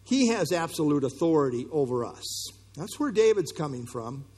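A man preaching in an earnest, conversational way, often stopping to restart a phrase. His voice sits a little high and carries a husky grain. The sound rings with a long reverb tail, as if recorded in a large hall. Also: very animated, normal speed, darkish tone. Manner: earnest, conversational teaching with frequent fillers and restarts. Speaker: pastor. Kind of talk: sermon.

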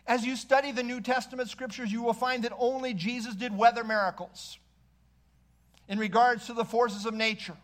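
High-voiced man preaching a sermon. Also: steady tone, moderate pace. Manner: expository preaching with dramatic quoted readings and sudden hushes. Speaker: pastor.

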